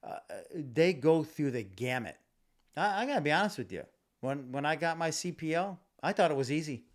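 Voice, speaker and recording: A man's voice: on the high side, animated, normal speed. A man hosting his own podcast, ranting solo with passion, repeating himself and stumbling over restarts and fillers. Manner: impassioned, repetitive, many fillers and restarts. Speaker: podcast host. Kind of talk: casual solo podcast rant. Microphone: home podcast mic.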